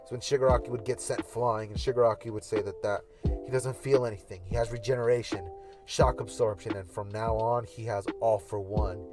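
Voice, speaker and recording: A man's voice: fairly low pitch, steady tone, fairly quick, over music. A man casually narrating a hypothetical anime fight scenario, rambling with fillers. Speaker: YouTuber. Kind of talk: casual fan-fiction storytelling.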